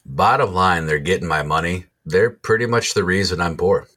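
A man with a very low, deep voice co-hosts a casual podcast. He tells long, rambling stories in everyday talk and swears freely. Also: normal speed, noisy background. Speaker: podcast co-host.

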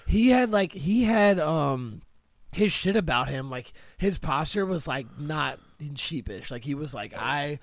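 A man's voice: fairly high pitch, lively intonation, unhurried, no echo. A man, co-hosting a podcast in casual chat, telling stories laid-back and swearing often while acting out quotes. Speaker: podcast co-host.

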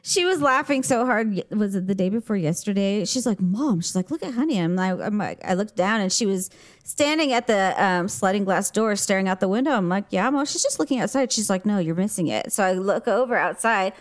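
A woman at a middle pitch chats casually as a podcast co-host. Her talk rambles and is full of "like.". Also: lively intonation, a little fast. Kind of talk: casual chat.

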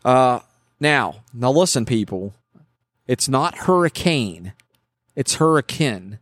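A man's voice: mid-range voice, expressive, slow pace, fairly bright tone, dry recording. A man co-hosting a casual podcast, chatty and joking, rambling with restarts. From West Virginia. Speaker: podcast co-host. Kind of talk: casual chat.

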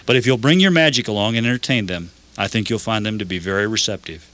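A man's voice: lowish voice, fast talker, fairly bright tone, natural voice. A man playing a persuasive ministry director. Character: friendly male prison ministry director.

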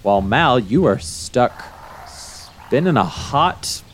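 A man narrating as game master, animated and laughing often. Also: mid-range voice, takes it slowly, a little hiss or hum.

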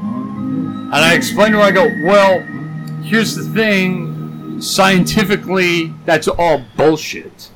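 Man telling an animated story. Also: takes it slowly, over music, poor audio. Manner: animated storytelling, acting out quotes in higher voices. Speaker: podcast co-host. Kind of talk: casual chat.

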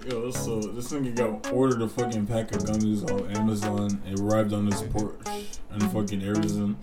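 A young man co-hosting a casual podcast, loud and joking and swearing freely. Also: lowish voice, flat delivery, a little fast, over loud music. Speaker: podcast co-host. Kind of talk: casual chat.

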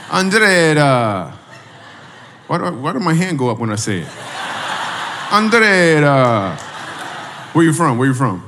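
A man's voice: medium pitch, slight background noise. A male stand-up comedian doing crowd work on stage, teasing audience members and repeating his questions. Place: stage in a church hall. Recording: reverberant hall from a distance.

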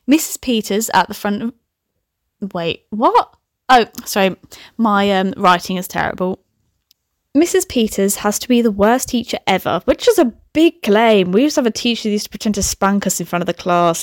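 A woman's voice: mid-range voice, lively intonation, moderate pace, no echo, clean studio sound. A young woman reading aloud a comic story she wrote, breaking off often for chatty, giggly, swearing asides. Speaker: podcast host reading her own old story. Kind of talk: comic reading with running commentary.

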